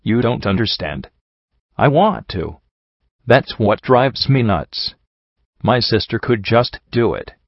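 A man's voice: fairly low pitch, lively intonation, takes it slowly, creaky, no echo, lo-fi sound, heavily acted. A man voicing an anxious, conflicted young female pegasus in a story reading, speaking hesitantly. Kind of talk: audiobook reading.

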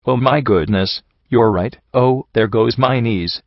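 A man's voice: mid-range voice, unhurried, no echo, dull audio, natural voice. A man voicing a wily old male pony gang boss who talks in a teasing, folksy drawl. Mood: mock complaining. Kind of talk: audiobook character voice.

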